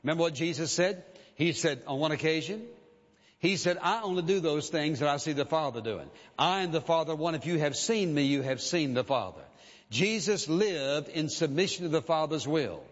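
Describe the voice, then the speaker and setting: A man preaching a sermon with emphasis, repeating key phrases and slowing down to quote scripture. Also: fairly high pitch, animated. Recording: dull recording with long reverb.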